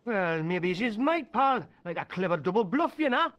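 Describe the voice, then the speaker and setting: A cheeky, boozy Geordie football fan in a video game. His voice sits high and swings all over the place. He is loud, matey and slurring. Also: sing-song, moderate pace, lo-fi sound. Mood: boozy banter.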